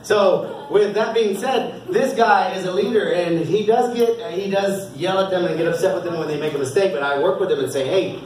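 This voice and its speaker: High-voiced encouraging coach in an echoey hall. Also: male voice, moderate pace, hardly any pauses, darkish tone, far from the mic. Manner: upbeat and encouraging, often laughing. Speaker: youth football coach. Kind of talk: award speech at a team banquet. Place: indoor banquet hall.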